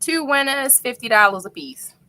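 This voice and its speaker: A woman with a Baltimore accent hosting a casual livestream talk show, playful and animated, repeating phrases for emphasis. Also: sits high, normal speed, no echo. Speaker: host and instructor.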